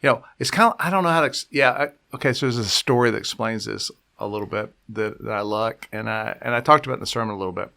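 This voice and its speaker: Male pastor, casual talk, rambling, gravelly and bright. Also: lowish voice, fast talker, few pauses. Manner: rambling, full of restarts, acts out quotes. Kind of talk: casual conversational podcast talk.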